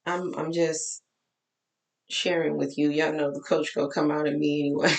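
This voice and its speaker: Texas woman life coach, worn out, candid and chatty; gravelly voice, roomy echo. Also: deep voice, level tone, normal speed. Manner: candid, chatty, preachy asides. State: tired, voice cracking. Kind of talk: casual talk to followers.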